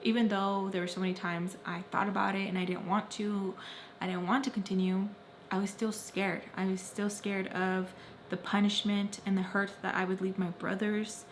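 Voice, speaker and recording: Young woman telling a heavy story to camera, repeats stuff, gets loud then quiet. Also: medium pitch, flat delivery, moderate pace, slight background noise. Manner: repetitive, intense storytelling with sudden loud and soft swings. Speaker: vlogger. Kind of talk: emotional story-time narration.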